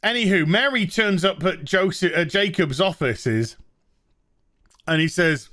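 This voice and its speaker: A man's voice: high voice, expressive, a little slow, pushed and bright, a little hiss or hum. A man giving a sarcastic, swearing recap of a TV episode he dislikes, scornful and casual. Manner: swears freely. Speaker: TV show reviewer.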